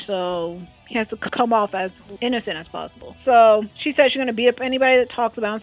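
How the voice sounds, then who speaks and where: A young adult woman chatting casually about a comic she is reading, gushing and chatty. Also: medium pitch. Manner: chatty, gushing, with lots of fillers. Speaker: webcomic recommender. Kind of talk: casual chat.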